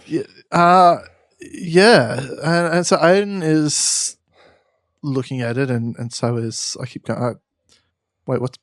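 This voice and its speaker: An Australian man co-hosts a comedy podcast, spinning a story in a loose, playful ramble full of restarts. His voice sits on the high side and the recording is dry and close. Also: slow pace, a bit bright, no room sound. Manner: rambling, playful, self-correcting. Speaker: podcast co-host.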